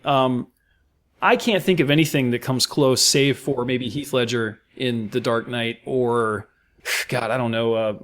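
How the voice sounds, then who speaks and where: An American man, a podcast co-host, talking about a film with enthusiastic, effusive praise and many fillers. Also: mid-range voice. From United States. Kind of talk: casual film discussion.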